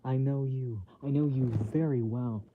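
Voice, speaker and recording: A man reading aloud, voicing a gentle, sincere male artificial intelligence who speaks in an earnest, formal and literal way, in a dull home recording. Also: medium pitch, measured pace, slight background noise, close to an everyday voice.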